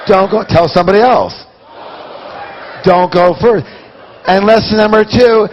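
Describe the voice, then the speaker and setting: A man telling stories to a live seminar audience in an animated way, talking straight to the listeners. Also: high voice, measured pace, long pauses, a little hiss or hum. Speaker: seminar speaker. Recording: dull lo-fi recording.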